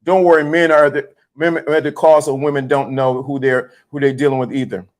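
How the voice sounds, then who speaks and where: Male streamer with a high voice, emphatic and repetitive, riffing to his chat in casual talk. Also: brisk. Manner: animated, emphatic, repeats himself; greets chat viewers mid-sentence. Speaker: livestream host. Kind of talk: casual livestream commentary.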